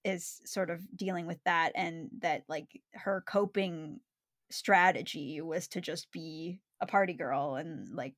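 A woman's voice: sits low, slow pace, a bit bright, dry recording, studio quality. A woman hosting a casual film-talk podcast, chatty and full of "like" fillers. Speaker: podcast host.

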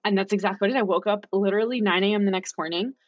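Husky-voiced woman telling an animated story. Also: medium pitch, rapid-fire, dry recording, highs cut off. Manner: animated, quotes herself and others in lively voices. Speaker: podcast guest. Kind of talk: casual storytelling interview.

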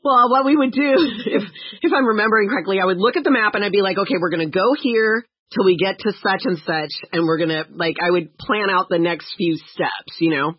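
Brief: woman podcast co-host, lively storyteller, husky voice, dry dull sound. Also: medium pitch, brisk, dry recording. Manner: animated storyteller, laughs often, acts out quotes. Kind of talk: casual chat.

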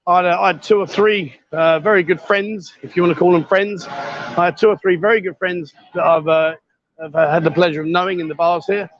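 A man's voice: high voice, fairly even intonation, brisk, lo-fi sound. A man hosting a casual walkabout livestream outdoors, chatty and jokey, calling out greetings to people he passes. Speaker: livestream host. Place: outdoor street market at night.

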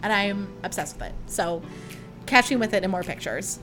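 A woman's voice: mid-range voice, expressive, moderate pace, music in the background. A young woman hosting her own podcast, chatting casually and gushing about her week with lots of "like"s. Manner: gushing, chatty, rambling with many "like"s. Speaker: podcast host. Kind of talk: casual solo chat.

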